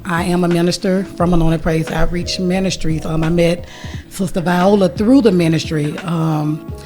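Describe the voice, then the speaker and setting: A woman's voice: fairly low pitch, a little mellow. Casual woman minister on radio. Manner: casual, lots of "you know" and "um". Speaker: guest, minister. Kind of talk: radio interview. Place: radio studio.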